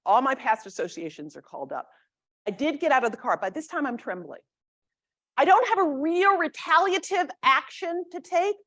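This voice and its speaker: A middle-aged woman from the South Bronx gives a lecture as a storytelling talk, with a voice that sits a little high. She is animated and conversational, and she acts out the words of the people in her story. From South Bronx, New York. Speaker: guest lecturer.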